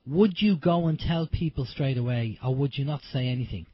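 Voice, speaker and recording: A man's voice: medium pitch, fairly quick, husky, no room sound, lo-fi sound. An Irish man hosting an internet radio show, chatty and rambling with lots of fillers. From Ireland. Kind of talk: casual radio talk.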